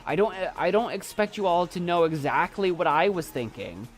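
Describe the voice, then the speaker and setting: Halting, emotional man with a calm voice. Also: high voice, soft background music. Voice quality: calm, soft voice. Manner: halting, many restarts, choked up and emotional. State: choking up. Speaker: YouTube creator and poet. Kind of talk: casual live chat with viewers.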